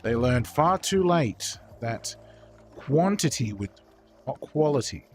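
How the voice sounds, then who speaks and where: A man's voice: mid-range voice, very animated, slow, darkish tone, soft background music. A young man streaming while painting models, chatting casually with viewers in a rambling, profane way with lots of fillers.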